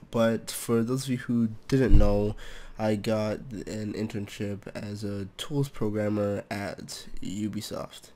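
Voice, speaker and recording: Monotone young man, mellow voice. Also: fairly low pitch. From Toronto, Canada. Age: young adult. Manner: monotone, hesitant with many fillers. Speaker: programming channel host. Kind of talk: casual update vlog.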